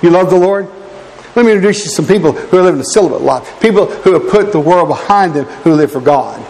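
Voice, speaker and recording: High-voiced male preacher in a reverberant hall. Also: expressive, fast talker, a little mellow. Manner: earnest, exhorting, addresses congregation as brethren. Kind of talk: sermon with personal storytelling. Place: church.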